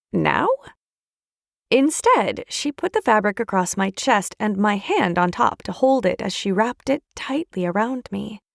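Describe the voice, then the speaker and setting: A woman narrating an audiobook in the first person, in a gentle, measured storytelling manner. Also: medium pitch, gravelly, no echo, studio quality. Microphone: studio microphone, dry.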